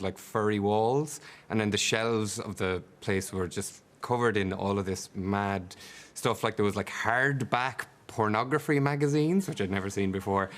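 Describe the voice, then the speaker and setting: Man, low voice, rambling anecdote, hesitant, lots of ums. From Ireland. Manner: rambling, hesitant, many fillers. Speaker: audience member telling a story. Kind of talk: casual anecdote. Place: TV studio.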